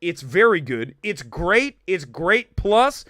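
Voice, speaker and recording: Guy from ohio ranting about movies on a stream, bright sharp voice, dry close sound. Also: high-pitched, no room sound. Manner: fast, animated, mock-shouting asides. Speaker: livestream film show host. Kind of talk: animated livestream rant.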